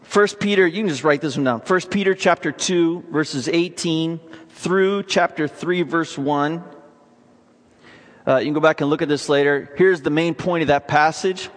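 A man preaching a sermon, emphatic and energetic, with sudden bursts of excitement. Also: fairly high pitch, normal speed. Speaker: pastor. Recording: long reverb of a large hall.

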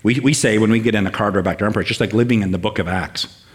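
Older man preaching, halting and lower-voiced. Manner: warm, halting with fillers and restarts, builds up with lists. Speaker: guest preacher. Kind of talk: sermon.

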